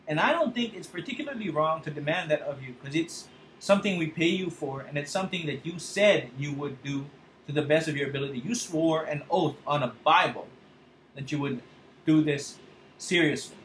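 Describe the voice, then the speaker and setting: A man's voice: on the high side, normal speed, a bit bright, slight background noise. Impassioned ranting man, echoey room. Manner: angry, impassioned, swearing. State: choked up, fighting tears. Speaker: podcast host. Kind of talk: political rant monologue.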